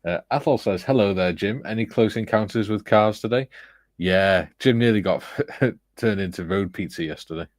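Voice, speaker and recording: A man's voice: fairly low pitch, moderate pace, dry recording. A man hosting a casual livestream, reading viewer comments aloud with a chuckle. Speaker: livestream host reading chat. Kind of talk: casual chat.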